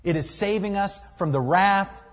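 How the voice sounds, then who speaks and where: A man preaching a sermon, reading scripture with swelling emphasis and dropping low and quiet at times. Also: normal speed. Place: church sanctuary. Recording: dull, lo-fi recording in a reverberant hall.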